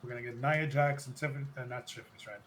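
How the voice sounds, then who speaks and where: Bright-voiced man recapping wrestling casually. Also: medium pitch, rapid-fire, a little hiss or hum. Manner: rambling, self-correcting, excited recounting. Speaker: podcast host.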